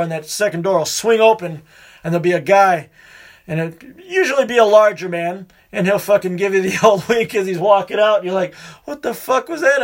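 A man hosting his own show, rambling through a crude monologue and swearing constantly. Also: sits high. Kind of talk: profane casual monologue.

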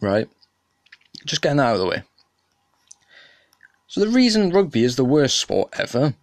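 A young man hosting a solo podcast, ranting with indignation and often jumping up in pitch and volume. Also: no echo, clean studio sound. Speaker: podcast host. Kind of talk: casual solo podcast rant.

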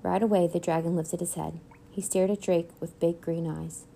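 A woman reading a children's chapter book aloud in clear, even storytelling. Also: lowish voice, moderate pace, slight background noise. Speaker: read-aloud narrator.

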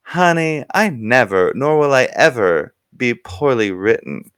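A man voicing a vain, glamorous old woman star who talks in a shrill, haughty way. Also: very animated, measured pace, a bit bright, clean tone, no echo, studio quality. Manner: shrill, haughty, self-important.

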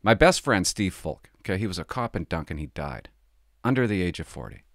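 A man's voice: low-pitched, big pitch swings, fairly quick, dry recording, studio quality. A middle-aged man from Canada, a former police officer, talking casually and confidingly on his podcast, rambling and laughing as he tells stories.

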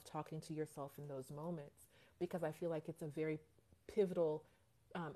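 A woman's voice: low-pitched, mellow. A woman in a live-stream conversation, speaking earnestly and reflectively about parenting, often repeating phrases as she searches for words.

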